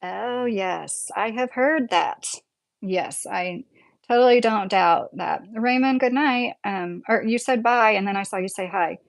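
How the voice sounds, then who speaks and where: Reading chat on her livestream, this Midwestern woman, somewhere in her thirties or forties, chats in a loose, rambling way and laughs a lot. Here her voice is gravelly and medium-pitched, and she keeps a measured pace.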